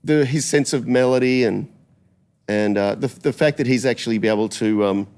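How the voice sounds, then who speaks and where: A man hosting a podcast, speaking in a relaxed, halting but enthusiastic way. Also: medium pitch, clean tone. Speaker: podcast host. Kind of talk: casual chat.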